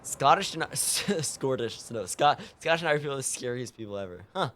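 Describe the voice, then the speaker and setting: A man's voice: medium pitch, expressive, a little fast, fairly bright tone, slight background noise. A young man from California chatting casually while streaming a game, rambling with lots of fillers and frequent laughs. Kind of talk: casual gaming stream chat.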